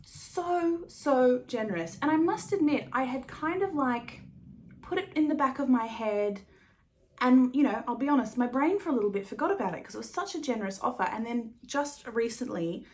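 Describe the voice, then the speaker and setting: A woman's voice: fairly high pitch, expressive, fairly quick, a little mellow. A woman hosting a knitting podcast in a casual, rambling chat, laughing often and swearing now and then. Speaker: podcast host.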